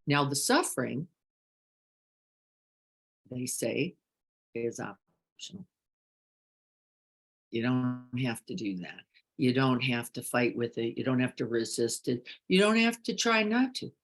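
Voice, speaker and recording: Gentle, questioning woman meditation teacher. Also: very deep voice, sing-song, slow pace, long pauses. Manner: questioning and gentle, swings from hushed to emphatic. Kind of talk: reflective dharma talk, reading participant comments.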